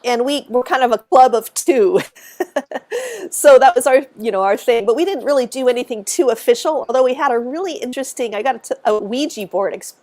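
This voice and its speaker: A middle-aged woman with a fairly high voice tells stories as a podcast guest. She is animated and laughs often, breaking off and restarting her sentences as she goes. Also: fairly quick. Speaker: guest author and researcher. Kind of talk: casual podcast storytelling.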